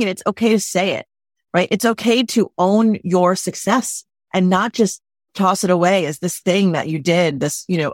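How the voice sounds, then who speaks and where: A woman's voice: medium pitch, normal speed, no room sound, clean studio sound. A woman wedding planner talking emphatically in a casual podcast interview, often acting out little quotes. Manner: emphatic, animated, acts out quotes. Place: lives in Los Angeles.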